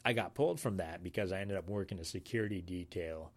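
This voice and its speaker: A deep-voiced man from Alaska tells a story from his time in the Navy. He talks casually and haltingly, full of fillers and restarts. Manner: rambling, halting, many fillers. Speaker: Navy sailor telling a story. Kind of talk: casual spoken anecdote.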